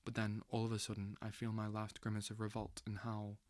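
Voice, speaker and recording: A man reading a literary novel aloud as an audiobook, slow and intense, with dramatic swells. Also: lowish voice, monotone, a little mellow, no echo. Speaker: audiobook reader.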